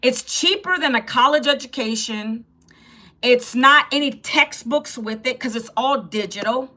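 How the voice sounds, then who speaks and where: A woman's voice: high-pitched, a little slow, sharp tone. A woman in her fifties hosting a casual live stream, chatting with viewers and answering their comments as they come in. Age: 50s. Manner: chatty, talks straight to viewers' comments, laughs often.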